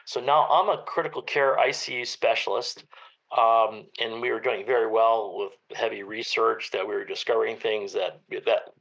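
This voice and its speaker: Older guy with a gravelly voice, doctor telling old stories on a podcast, laughs a lot and does the voices. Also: lowish voice, moderate pace, rough recording. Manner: animated anecdotes, acts out quoted voices, laughs often. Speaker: guest, EMS medical director. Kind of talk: storytelling interview.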